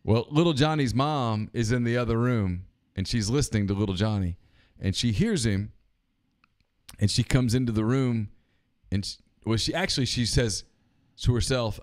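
A man co-hosting a late-night sports call-in show, talking casually and telling a long joke at a deliberate pace. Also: medium pitch, dry recording, studio quality. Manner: deliberate, drawn-out storyteller. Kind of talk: casual chat.

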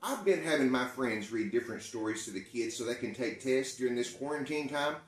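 A friendly teacher chatting in an upbeat, conversational way. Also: male voice, medium pitch, lively intonation, a little fast, roomy sound.

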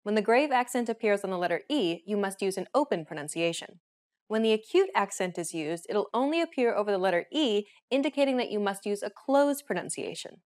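A woman hosting a beginner language lesson, giving clear, steady scripted explanations. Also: mid-range voice, fairly quick.

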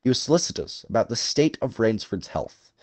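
A male narrator reading a story aloud in a measured, dramatic way, with a lively, wide-ranging pitch. The sound is dry and close to the mic, with no room audible. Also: dry recording. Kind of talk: scripted audiobook narration.

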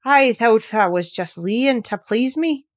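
A woman's voice: fairly high pitch, lively intonation, slow, no echo, studio quality, voice pushed up. A woman voicing a frail young boy who speaks eagerly in a put-on Yorkshire dialect. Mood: exultant. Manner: eager, breathless, raised voice.

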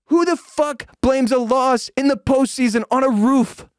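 A man hosting a sports podcast, ranting in a profane, heated way with shouted peaks, then dropping to a low, weary tone. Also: measured pace, smooth, dry recording, studio quality. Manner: drops to low, weary tone when calming down. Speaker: podcast host. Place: home room with dogs.

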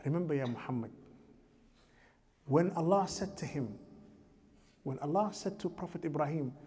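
A man's voice: fairly high pitch, animated, normal speed, long pauses, warm tone, husky. A man giving a mosque lecture as imam, asking the audience rhetorical questions and chanting scriptural verses in a raised voice.

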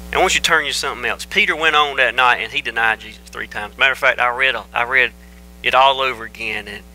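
A man's voice: mid-range voice, quick pace, bright, forceful tone, faint music behind, low-quality recording. A man preaching a sermon as pastor, emphatic and repeating phrases for stress.

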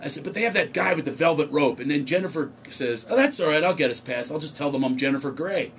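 A man's voice: a little high, quick pace, slight background noise. A male comedian telling funny stories in casual radio chat, acting out quotes in raised voices. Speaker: comedian guest.

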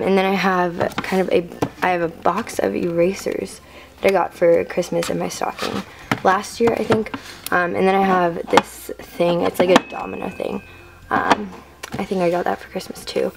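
A woman's voice: on the low side, flat delivery, normal speed, creaky, background noise. A teenage girl giving a rambling, filler-heavy room-tour vlog to a handheld camera in her bedroom. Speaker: vlogger.

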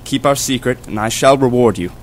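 A man's voice: mid-range voice, a little fast, a little hiss or hum, lightly acted. A young man reading the part of an earnest young lover for a school audiobook.

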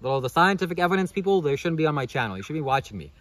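Man, fast talker, rambling motivational monologue, rhetorical questions, keeps saying "okay?". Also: on the high side, sing-song, a bit bright, no room sound. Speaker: spiritual vlogger.

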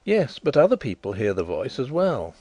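A man voicing a calm, genial blind gentleman detective who speaks suavely and placidly in an audiobook. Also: medium pitch, normal speed, no echo, voice pushed up.

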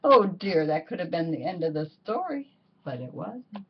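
A woman's voice: on the low side, normal speed, a little hiss or hum. Woman reading a children's story aloud. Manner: expressive, drawing out words for effect. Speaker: storybook reader. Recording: muffled lo-fi recording.

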